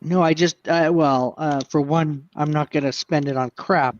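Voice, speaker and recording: Man, co-host, casual livestream chat, rambling, hesitant, slightly high voice, dull lo-fi audio. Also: steady tone, moderate pace.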